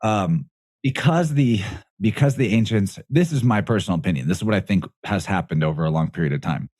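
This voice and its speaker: A man with a deep, low-pitched voice talks as a podcast guest, recorded close and dry. He explains in a loose, rambling way, stopping to correct himself and laughing between thoughts. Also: lively intonation, brisk, a little mellow, no room sound. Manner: rambling, self-correcting, laughs often mid-sentence. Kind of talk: casual podcast conversation.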